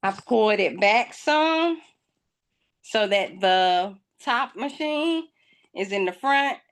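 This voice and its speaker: Animated chatty woman vlogger. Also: medium pitch, slow pace, clear, resonant tone. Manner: chatty and playful, teasing and dramatic; colloquial, addresses viewers as y'all. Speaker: craft channel host. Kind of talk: casual vlog talk.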